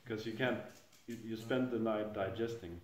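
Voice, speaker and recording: A man's voice: on the low side, steady tone, moderate pace, slight background noise. A middle-aged man giving an informal scripture class in a temple hall, speaking hesitantly and chuckling at his own jokes. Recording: echoey room.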